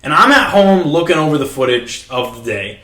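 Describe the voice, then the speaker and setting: A man in his twenties hosting a podcast, retelling a story in heated, animated casual chat and swearing constantly. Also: a little high, a little fast. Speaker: podcast host. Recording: roomy echo.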